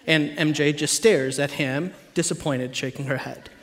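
A man in his thirties preaching a sermon in a church, telling animated, humorous family stories to the congregation. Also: a little high, moderate pace. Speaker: pastor. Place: church stage before a live audience.

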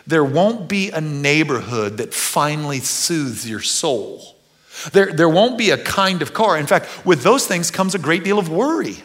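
Preaching as a pastor, this man sounds earnest and animated, moving from loud excitement down to quiet intensity. His voice sits on the high side and runs a little slow.

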